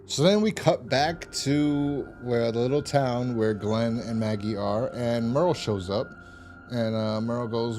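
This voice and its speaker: A man's voice: mid-range voice, steady tone, measured pace, darkish tone, slight background noise. A man casually recapping a TV episode, rambling and swearing, with exasperated asides. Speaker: TV episode reviewer.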